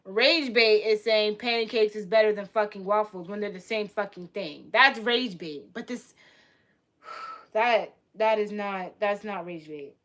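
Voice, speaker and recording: A woman's voice: mid-range voice, measured pace, fairly bright tone. A young woman livestreaming, reacting in a heated, profane rant and repeating herself, in casual live-stream talk.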